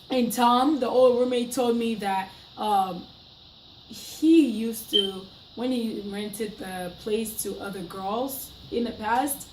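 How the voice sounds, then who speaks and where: Young woman vlogger, higher voice, emphatic storyteller; roomy room, mic set back. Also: far from the mic, slight background noise. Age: young adult. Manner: chatty, emphatic, dramatic retelling. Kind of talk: casual storytime monologue.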